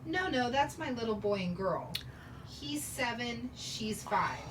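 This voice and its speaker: A woman reading the part of a gentle, heartbroken divorced father, earnest and apologetic, in a scene reading. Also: a little high, big pitch swings, takes it slowly. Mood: wistful. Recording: distant mic, noisy background.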